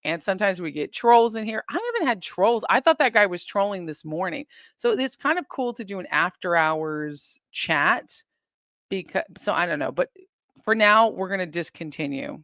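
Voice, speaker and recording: A woman's voice: on the low side, lively intonation, normal speed, a bit bright, no echo, studio quality. A woman hosting a casual live stream, chatting and reading viewer comments in a rambling, giggly way.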